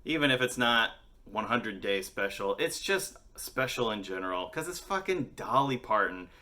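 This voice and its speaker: A man's voice: fairly low pitch, lively intonation, normal speed, pushed and bright. A young man hosting a daily music vlog, chatting casually with constant swearing and jokey rants, his voice a bit worn from singing. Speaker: host of a daily music video series. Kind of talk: casual, profane vlog chat.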